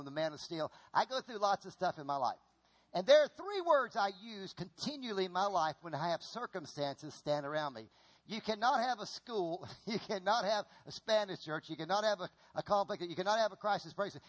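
Male pastor, middle-aged, fervent sermon delivery, high and very expressive voice. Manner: animated preaching, repeats himself, asks the congregation to respond.

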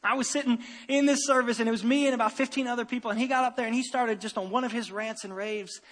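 High-pitched guy preaching a sermon, lots of repeats and restarts, big reverb like a church hall. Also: fast talker. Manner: animated, repeats phrases, self-interrupting restarts. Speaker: pastor.

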